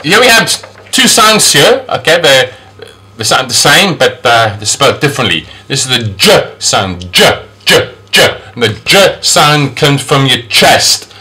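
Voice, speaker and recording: A man's voice: very animated, measured pace, sharp tone. A man teaching English phonics, sounding out each sound and repeating the example words several times. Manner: pitch jumps up on model words. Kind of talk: phonics lesson.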